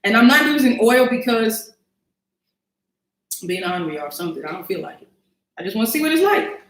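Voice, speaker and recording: A woman's voice: a little high, big pitch swings, fairly quick, roomy sound, rough recording. A woman hosting a casual cooking livestream, chatting to viewers as y'all and thinking aloud as she cooks in her home kitchen.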